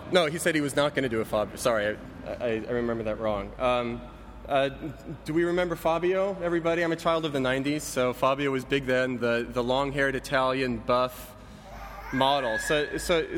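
A man's voice: mid-range voice, a little fast, a bit bright, slight background noise. A man in his thirties, a pastor giving a sermon in a church, talking conversationally, lightly joking and often correcting himself. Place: church sanctuary. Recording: reverberant church hall.

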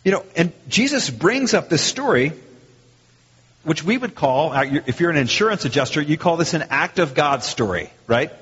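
A man preaches a sermon in a relaxed, conversational way at a moderate pace, his husky, fairly high voice swooping up and down a lot. He's animated and acts out quoted lines, while his words ring into a long hall echo on a dull, muffled recording.

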